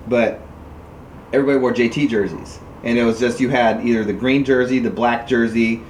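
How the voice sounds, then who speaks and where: A man telling paintball stories in a casual podcast chat, rambling with many fillers and jumping into high, animated voices when he quotes other people. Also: a little fast. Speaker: podcast guest, paintball player. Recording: echoey room with faint noise.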